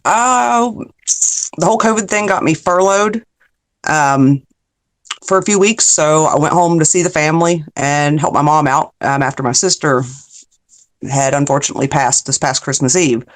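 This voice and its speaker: A woman's voice: low voice, normal speed. A woman chatting as a guest on a live-streamed interview, laughing often and losing her train of thought. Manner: giggly, easily sidetracked, laughs a lot. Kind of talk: casual chat.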